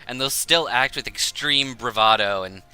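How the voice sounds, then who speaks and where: A man's voice: medium pitch, normal speed, bright, forceful tone, clean tone, soft background music. A man streaming a game, chatting casually, rambling and laughing often. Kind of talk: casual chat while gaming.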